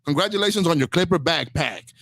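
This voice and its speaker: A male podcast host from Inglewood rants about sports in a heated, slang-heavy way, tossing "dog" into almost every line. His voice sits a little high for a man. The sound is close and dry. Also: animated, brisk, a bit bright, no echo. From Inglewood, Los Angeles. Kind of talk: opinionated comedic rant.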